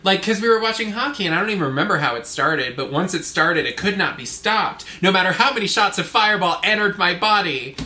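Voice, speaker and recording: A man co-hosting a podcast, telling rambling, animated stories in casual chat. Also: high-pitched, quick pace, hardly any pauses. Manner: rambling, animated storytelling with fillers. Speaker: podcast co-host. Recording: echoey room, faint noise.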